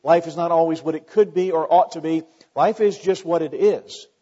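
A man's voice: fairly high pitch, moderate pace, warm tone, breathy edge. A man preaching a sermon in a conversational way, firing off rhetorical questions and often restarting his sentences. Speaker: pastor. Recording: muffled sound with long hall reverb.

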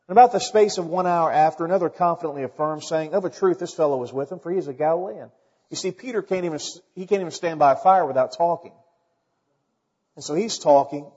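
Husky preacher in a big hall. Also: male voice, on the high side, darkish tone. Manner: earnest, emphatic preaching with scripture readings. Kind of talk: sermon. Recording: dull lo-fi recording in a reverberant hall.

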